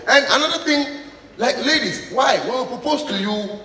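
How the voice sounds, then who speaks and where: A man doing live stand-up comedy on stage, loud and playful as he tells stories. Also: extremely high pitch, normal speed. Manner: loud, animated, playful storytelling. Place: stage in a hall with audience. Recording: echoey hall with loud crowd noise.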